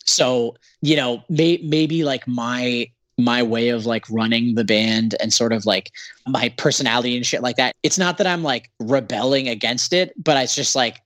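A man's voice: mid-range voice, normal speed, fairly bright tone, no room sound. Sarcastic, rambling Canadian man. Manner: sarcastic, profane, rambling with many fillers. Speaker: band singer, guest. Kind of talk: casual podcast interview.

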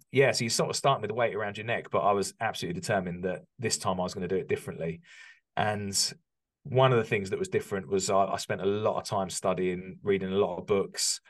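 A man from the UK in his forties, a podcast guest reflecting candidly on rebuilding his business, with frequent ums and restarts. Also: fairly low pitch. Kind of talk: candid conversational interview.

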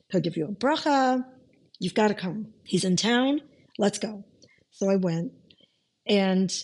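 A woman's voice: fairly low pitch, a little mellow. A middle-aged woman from the United States telling her life story in an interview, speaking conversationally and emotionally, with many restarts and fillers.

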